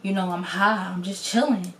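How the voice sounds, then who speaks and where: A woman acting out a slouched, bored young man who talks low and offhand, quieter and a bit lower than her own voice. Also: steady tone, moderate pace, a little hiss or hum, natural voice. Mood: dismissive mumble.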